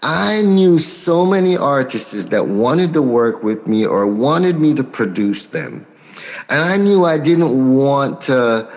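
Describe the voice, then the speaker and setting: An American man, a record producer, answering interview questions in a measured way, pausing often with soft fillers and speaking forthrightly. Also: mid-range voice. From United States. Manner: outspoken and forthright. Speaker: record producer and label owner.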